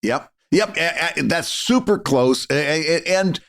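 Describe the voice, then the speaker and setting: A man co-hosting a podcast, chatting casually and thoughtfully with halting restarts. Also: on the high side, animated, fairly bright tone. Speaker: podcast co-host. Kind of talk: casual chat.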